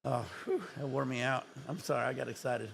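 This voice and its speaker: A man chatting on his own livestream, excitable and swearing freely, with breathless exclamations between his remarks. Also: mid-range voice, fairly quick, vocal fry, a little hiss or hum. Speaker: livestream gamer. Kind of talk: excited casual livestream chat.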